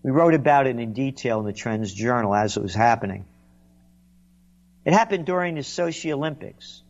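Sarcastic, indignant man with lively pitch. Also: normal speed, highs cut off. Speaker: commentator. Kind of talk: sarcastic political monologue.

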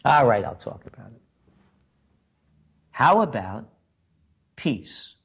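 A man hosting a commentary show delivers a sarcastic, emphatic political monologue packed with rhetorical questions. His mid-range voice is gravelly and husky, very animated, and slow.

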